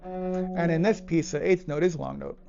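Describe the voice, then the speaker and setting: A man's voice: on the high side, steady tone, gravelly, mellow. Man explaining music between cello phrases. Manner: thoughtful, with pauses and restarts. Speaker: cellist teacher. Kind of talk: explaining and demonstrating a piece. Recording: dull lo-fi with cello playing. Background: cello phrases between remarks.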